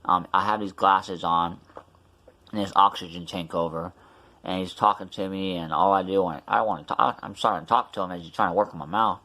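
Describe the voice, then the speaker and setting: A man's voice: low-pitched, fairly even intonation, a little fast, bright, forceful tone. A man vlogging casually about his tooth extraction, rambling with many fillers and restarts, his mouth still numb. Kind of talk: casual storytelling vlog.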